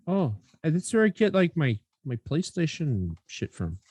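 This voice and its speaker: A man doing a carefree everyday guy, high voice raised well above his own, drawling South African accent, husky edge, dry room. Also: very animated, a little slow, a little mellow, dry recording, exaggerated voice. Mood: laid-back. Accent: South African, imitated.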